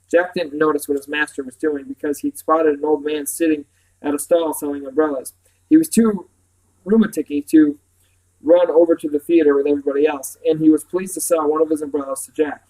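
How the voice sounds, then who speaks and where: A man reading a children's story aloud in a lively, expressive way, with occasional slips. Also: on the high side, brisk, low-quality recording.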